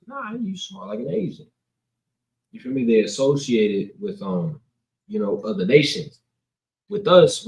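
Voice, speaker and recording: Indoors on a camera mic with a roomy echo, a preacher with a mid-range voice and vocal fry reads from scripture. He then riffs on the passage, teaching the Bible in a loose, slangy, conversational manner.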